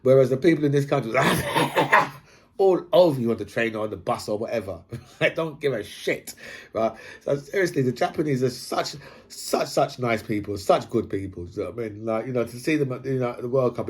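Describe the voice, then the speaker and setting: A man's voice: medium pitch, animated, a little fast, husky. A man ranting casually in a rambling monologue, swearing and tagging his points with "right?".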